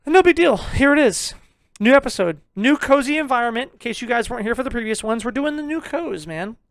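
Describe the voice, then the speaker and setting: Loud, swearing young man ranting. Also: extremely high pitch, expressive, a little fast, gravelly, no room sound. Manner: loud, swearing, jokingly abrasive, breaks into laughs. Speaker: podcast co-host. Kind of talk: casual ranting review chat.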